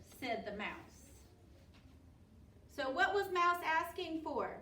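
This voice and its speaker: Woman teacher reading aloud to kids; slow, encouraging, quizzing pupils, distant mic with faint ambience. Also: high voice, expressive, sharp tone, echoey room. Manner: encouraging, asks pupils questions by name. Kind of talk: reading a picture book to children.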